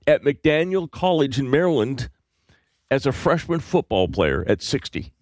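A man's voice: mid-range voice, very animated, measured pace, darkish tone, dry recording, clean studio sound. A man co-hosting a talk radio show, bringing up news stories and laughing easily. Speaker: radio co-host presenting news items. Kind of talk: casual talk radio banter. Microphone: studio microphone.

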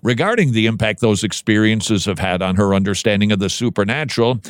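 A man's voice: lowish voice, expressive, fairly quick, clean tone, no room sound, clean studio sound. A man hosting a Christian commentary show, reading news items aloud and reacting in a conversational way, often restarting with repeated words.

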